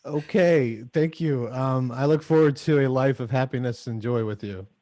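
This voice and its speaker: A man's voice: mid-range voice, normal speed, mellow, no room sound. A man, a comedian, chatting casually and loosely on a livestream, rambling and swearing. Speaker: comedian, roast honoree.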